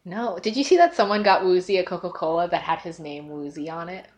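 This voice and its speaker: A woman's voice: lowish voice, a little fast, a little mellow. A woman co-hosting a podcast in casual chat, talkative and giggly, with lots of fillers. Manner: chatty and giggly, with many fillers. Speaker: podcast co-host.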